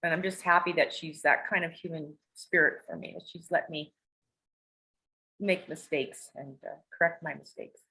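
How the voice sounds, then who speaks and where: A woman's voice: sits low, fairly even intonation, normal speed, sharp tone, low-quality recording. A woman telling personal stories as a podcast guest, rambling, emotional and confessional, with casual swearing. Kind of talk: candid personal storytelling.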